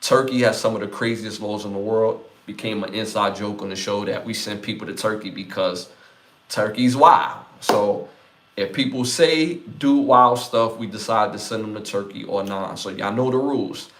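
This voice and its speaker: A man's voice: fairly low pitch, normal speed. Laid-back Brooklyn man hosting a podcast. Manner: laid-back, reads chat comments aloud, gives shout-outs. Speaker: podcast host. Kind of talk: casual live-stream podcast chat.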